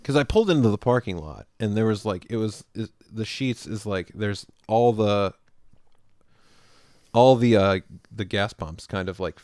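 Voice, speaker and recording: Telling a story on a podcast he co-hosts, this man speaks at normal speed in a lowish voice, animatedly performing the quoted lines and laughing a lot in casual chat. It's a dry, clean studio recording.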